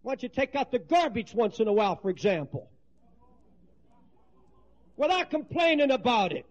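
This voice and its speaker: A man preaching a passionate sermon, swinging between hushed pleading and shouting, from a 1970s recording. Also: extremely high pitch, sing-song, moderate pace. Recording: dull lo-fi 1970s sermon tape.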